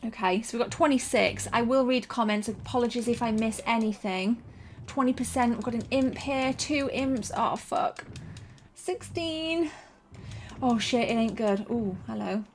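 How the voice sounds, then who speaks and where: A young woman with a fairly high voice streams her gameplay live. She reacts in a jumpy, excitable way, swearing freely and gasping between quick remarks to her chat. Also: soft background music. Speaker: streamer playing a retro shooter.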